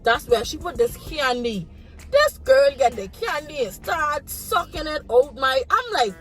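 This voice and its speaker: A woman's voice: high voice, fairly quick, faint music behind. Bahamian woman telling a frank story. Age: young adult. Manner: frank, animated, acts out her own reactions. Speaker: vlogger. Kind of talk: casual storytime.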